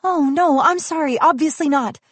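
Woman reader doing an eager, flustered storybook heroine, voice pitched up, dry read. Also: dry recording, natural voice. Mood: earnest, flustered. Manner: eager, breathless, quick to apologize. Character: earnest hopeful young woman heroine. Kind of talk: storybook reading.

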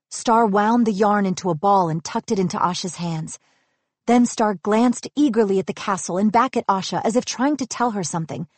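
Woman storybook narrator, gentle and even, mid-pitch, dry close read. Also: normal speed, no room sound. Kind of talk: storybook reading.

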